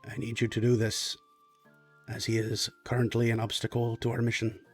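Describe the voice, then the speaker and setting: A man's voice: medium pitch, normal speed, warm tone, faint music behind, natural voice. A man voicing a small, scheming male lord who speaks in an overly polite, formal, apologetic way. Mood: muttering.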